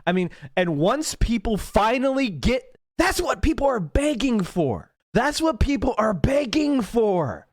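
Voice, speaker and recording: A man's voice: very high voice, very animated, a little slow, hardly any pauses, no room sound, clean studio sound. Fiery, profane man ranting on stream. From Pennsylvania. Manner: angry, profane, emphatic. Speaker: political livestream host. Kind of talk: heated livestream rant.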